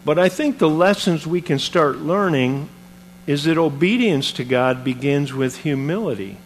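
A man delivers a sermon in a lively, chatty storytelling way, pitched a touch above the usual male range. He mixes scripture with everyday comparisons, and a faint hum sits under his voice. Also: normal speed. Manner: animated, conversational storytelling with modern comparisons. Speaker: preacher. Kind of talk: sermon, retelling a Bible story.

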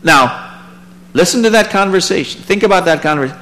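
A man teaching a Bible passage in a sermon, reading verses aloud and then commenting in a relaxed, conversational way, his voice rising for emphasis. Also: normal speed, poor audio. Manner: animated, rises in pitch and volume for emphasis. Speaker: preacher.

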